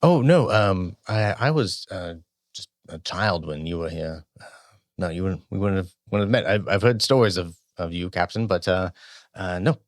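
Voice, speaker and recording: A man's voice: deep voice, lively intonation, normal speed, no room sound, clean studio sound. A man voicing a nervous young male palace guard who stammers and fills with ums.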